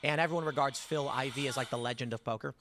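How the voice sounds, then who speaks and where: A man's voice: mid-range voice, fast talker, music in the background. A man hosting a talk show, telling stories in a rambling, conversational way with frequent restarts. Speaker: podcast host. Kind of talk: casual political commentary and storytelling.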